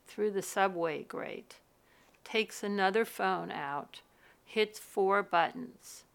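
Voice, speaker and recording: A woman film producer telling a movie pitch as a story, vivid and dramatic, with big swings in loudness. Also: gravelly, clear, resonant tone. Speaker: film producer and school director.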